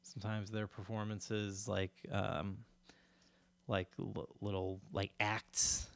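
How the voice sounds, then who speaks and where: A man's voice: on the low side, level tone, takes it slowly, vocal fry, a bit bright, no room sound. A man chatting casually as a podcast co-host, telling a story in a rambling way with many fillers and restarts, laughing often.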